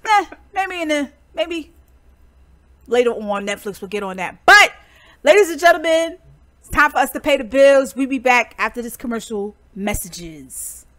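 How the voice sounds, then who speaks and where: A woman's voice: sits high, big pitch swings, normal speed, a bit bright. A woman co-hosting a podcast in casual chat, playful and dramatic, laughing often. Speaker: podcast co-host.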